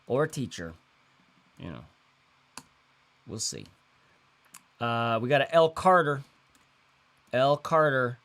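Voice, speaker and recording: A man's voice: mid-range voice, big pitch swings, slow pace, pauses often, fairly bright tone. A man in his thirties hosting a casual livestream, talking in a loose, rambling way with lots of fillers and slang. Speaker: host.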